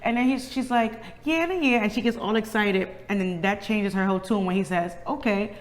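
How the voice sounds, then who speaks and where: A woman's voice: medium pitch, steady tone, brisk, big-room sound. A woman co-hosting a reality TV review, chatting casually and acting out what the cast said. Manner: chatty storyteller, acts out the cast's lines. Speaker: co-host of a reality TV review channel.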